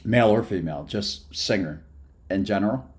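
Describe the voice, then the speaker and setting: A man's voice: on the low side, moderate pace, a little mellow. A man chatting casually on a live stream, hyper and rambling from topic to topic after no sleep. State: sleep-deprived.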